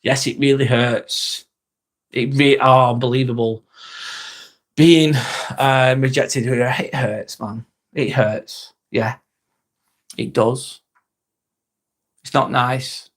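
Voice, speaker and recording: An English man running a casual live chat speaks slowly and pauses often, his medium-pitched voice fairly even in intonation. He reads viewer comments aloud and answers with blunt jokes, swearing freely and chuckling a lot.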